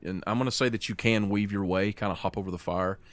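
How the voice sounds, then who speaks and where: Low-voiced man running a tabletop game. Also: steady tone, faint music behind. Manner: slows down for dramatic scene narration. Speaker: game master.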